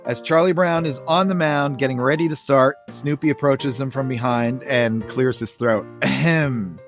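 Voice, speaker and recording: A man's voice: medium pitch, steady tone, moderate pace, faint music behind. A man hosting a podcast who welcomes listeners and reads comic strips aloud panel by panel in a friendly, casual way. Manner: friendly, welcoming, talks through each panel. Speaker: podcast host.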